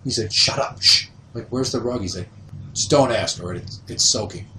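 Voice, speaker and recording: A man's voice: mid-range voice, fairly quick, sharp tone, slight background noise. A man in his thirties hosting a podcast, telling stories casually and acting out other people's voices. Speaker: podcast host. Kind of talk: casual storytelling. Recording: roomy sound, voice distant from the mic.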